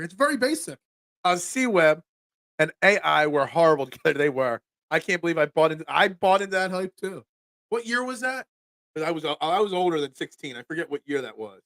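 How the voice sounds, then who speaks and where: Young man, Philadelphia accent, sports podcast host, fairly high voice, dry close mic. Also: dry recording. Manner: animated, repeats himself when riled. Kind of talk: casual sports talk.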